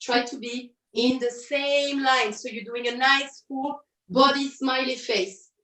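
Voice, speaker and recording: A woman with a high voice teaches an online pilates class, cueing each move and counting reps brightly. She corrects herself with quick asides as she goes. Her voice sounds roomy and comes from a little way off the mic. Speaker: pilates instructor. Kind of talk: online fitness class instruction. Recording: roomy audio from a distance.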